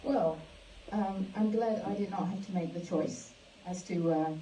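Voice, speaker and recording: A woman hosting a live awards ceremony. She speaks haltingly, with many fillers and restarts. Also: mid-range voice, background noise. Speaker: awards host. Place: event hall. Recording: echoey hall, mic from a distance.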